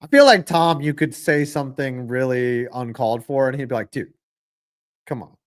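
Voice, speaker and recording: A young man hosting a live football reaction stream, ranting with lots of swearing and calling plays with sudden bursts of excitement. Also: mid-range voice, a little fast. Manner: profane, ranting, jumps into excited play calls.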